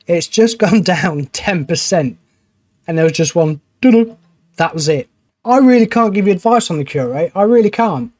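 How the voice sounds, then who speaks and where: A man's voice: a little high, no room sound. A man commenting on his own gameplay in a chatty, grumbling way, swearing now and then when frustrated. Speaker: gaming channel host. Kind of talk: let's play commentary.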